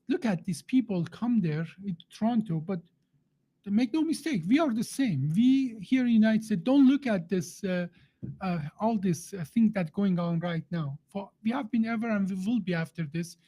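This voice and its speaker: A man hosting a relaxed live talk. He speaks haltingly, full of fillers, restarts and slightly non-native grammar. He jokes and laughs easily with his guest. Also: sits high. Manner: jokey, laughs often. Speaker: host. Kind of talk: casual live-stream conversation.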